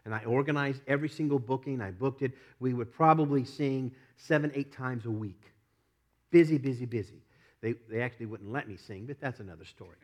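A middle-aged man preaching a sermon, telling a personal story with lots of laughs, often repeating himself and rising from quiet asides to loud emphatic peaks. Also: mid-range voice, fast talker, few pauses. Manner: repeats and restarts words. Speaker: pastor.

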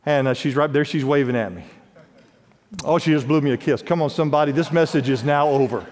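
High-voiced preaching man in a reverberant hall. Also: brisk, darkish tone. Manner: emphatic preaching with wide swings in pitch and volume. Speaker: pastor. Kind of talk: sermon. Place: large church sanctuary.

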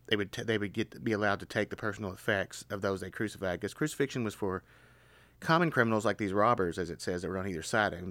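Earnest low-voiced man teaching scripture. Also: no room sound. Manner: earnest, grows excited while reading scripture aloud. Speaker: Bible teacher. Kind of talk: Bible study teaching.

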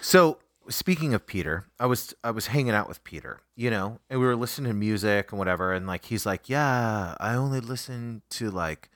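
A man co-hosting a casual podcast chat, telling an animated story and quoting his friend. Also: lowish voice, brisk, hardly any pauses, no room sound, clean studio sound. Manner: animated storyteller, quotes friends in put-on voices. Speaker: podcast co-host.

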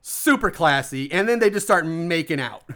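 A man's voice: a little high, lively intonation, normal speed, a bit bright. A man casually recapping a horror movie plot as a podcast co-host, laughing often and swearing freely. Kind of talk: casual chat.

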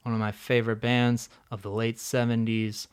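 A man co-hosting a music podcast, chatting casually in a relaxed, jokey way about bands he loves. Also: mid-range voice, moderate pace, smooth. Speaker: podcast co-host.

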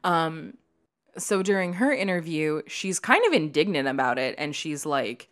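A woman co-hosting a podcast, chatting casually about a movie, animated and swearing, with lots of "like" fillers. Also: sits low, unhurried. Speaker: podcast co-host. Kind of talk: casual chat reviewing a movie.

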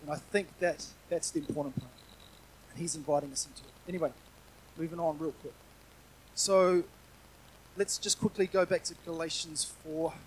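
Earnest man preaching, slightly high voice. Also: darkish tone, a little hiss or hum, poor audio. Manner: conversational, earnest, with frequent restarts and asides. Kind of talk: sermon.

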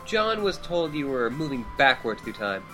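A man's voice: medium pitch, sing-song, moderate pace, music in the background, close to an everyday voice, low-quality recording. A man voicing a wry, verbose teenage girl who talks in a dry, ironic way. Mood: skeptical.

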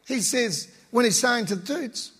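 A man with a high, slightly husky voice preaches in a loose, conversational way, full of slang. His voice rings out with the long reverb of a large hall. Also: animated, unhurried, a bit bright. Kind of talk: casual sermon.

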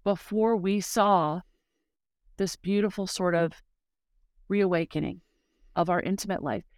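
A woman's voice: on the low side, a little slow, a little mellow, dry recording, clean studio sound. Earnest middle-aged woman telling her story. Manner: earnest, heartfelt storytelling with frequent fillers. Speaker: guest. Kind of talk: casual conversational testimony.

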